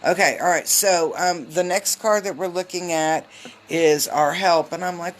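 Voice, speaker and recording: A woman giving a casual live tarot reading on a phone, chatty and loose, with lots of filler ums and quick hellos to her viewers. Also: fairly low pitch, slight background noise. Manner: greets viewers mid-reading. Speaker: tarot reader.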